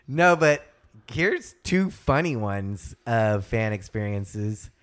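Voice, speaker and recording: Dude telling wild stories slow, voice bouncing all over, cracking up. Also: male voice, on the low side. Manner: animated, laughing storyteller who acts out voices. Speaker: podcast guest. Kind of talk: casual storytelling chat.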